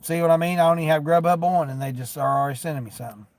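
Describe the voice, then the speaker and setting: Gravelly-voiced man chatting while driving. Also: on the high side, racing, a little mellow, no room sound. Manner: rambling, folksy, declines orders aloud. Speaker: delivery driver livestreamer. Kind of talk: casual live-stream chat while driving.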